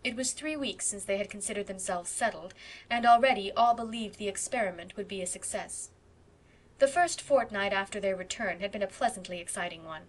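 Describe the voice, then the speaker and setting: A woman's voice: medium pitch, a little fast. Woman narrating a classic novel. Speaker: audiobook reader. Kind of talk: scripted narration.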